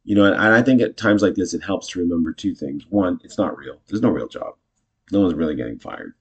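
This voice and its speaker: A man casually teaching improv, chatty and self-correcting, jumping into animated example lines. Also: low voice, brisk, slightly rough.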